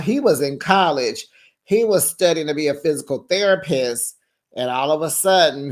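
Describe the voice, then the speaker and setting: Sassy, chatty reality TV recap host. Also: mid-range voice. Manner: sassy, chatty storytelling with slang asides; acts out quoted people in changed voices. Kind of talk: casual recap commentary to viewers.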